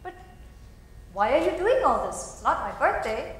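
A woman telling a story voices a young female confidante who teases and flatly refuses. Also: sits high, normal speed, slight background noise, pitched above the performer's own voice. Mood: teasing. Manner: teasing, refusing. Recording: very echoey hall.

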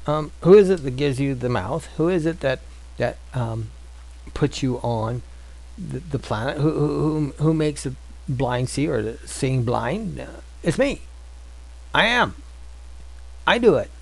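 A stern, insistent God, put on by a man in a plain, gravelly voice that fires off question after question. The tone stays close to an everyday man talking. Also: medium pitch, lively intonation, measured pace, pauses often, poor audio. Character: God, stern and commanding, male.

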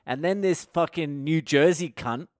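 A man's voice: fairly high pitch, unhurried, no room sound, clean studio sound. A man, a comedian and podcast host, telling a self-deprecating story with lots of swearing. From Australia.

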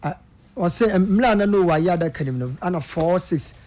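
A Ghanaian man backs up the preacher, reading the verses in a steady, even way. His voice sits somewhat high for a man. Between readings he answers with short amens. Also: fairly quick.

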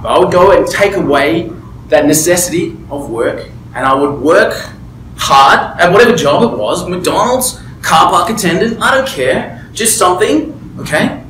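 A man's voice: sits high, expressive, normal speed, a bit bright, reverberant, a little hiss or hum, poor audio. A man mentoring a small group, talking emphatically and candidly and often checking in with "right?". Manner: candid personal storytelling. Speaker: business mentor. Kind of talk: motivational talk to a small group. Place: room with a table and a small group.

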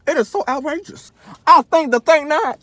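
A man doing a comedic mukbang rant, eating while talking with loud, exaggerated outrage, sitting in a parked car. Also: very high voice, normal speed, dry recording. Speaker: comedy vlogger.

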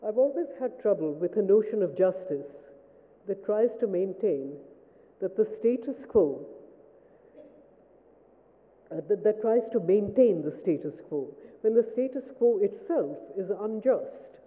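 A woman giving a formal memorial lecture as a writer, speaking in a measured, reflective way and checking in with her listeners. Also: mid-range voice, expressive. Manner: measured, reflective, asks "Do you see?". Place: lecture hall. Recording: phone-like sound in a reverberant hall.

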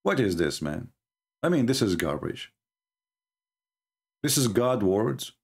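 Here a livestream host mocks religious debate in a scornful tone and non-native English grammar. His fairly low, slightly rough voice moves slowly, with big swings in pitch.

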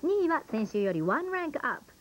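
A woman narrating a film ranking countdown in a brisk scripted style. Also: sits high, sing-song, muffled recording, noisy background.

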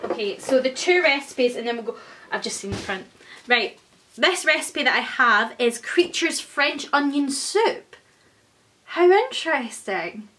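A young woman, gushing and excitable as she chats through an unboxing for her vlog. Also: high voice, measured pace. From Scotland. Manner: gushing, excitable, many exclamations. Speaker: vlogger. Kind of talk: casual unboxing chat.

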